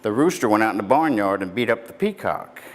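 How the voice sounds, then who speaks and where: A man's voice: on the low side, expressive, brisk. A man, doing folksy stand-up, telling jokes in a rambling way and chuckling at his own punchlines. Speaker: stand-up comedian. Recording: echoey hall, faint background noise.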